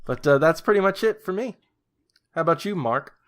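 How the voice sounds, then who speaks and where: A man co-hosting a casual comedy podcast, telling absurd stories in a deadpan way, full of ums and uhs. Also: a little high, brisk. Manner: deadpan, rambling, many fillers. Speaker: podcast co-host. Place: lives in Brazil.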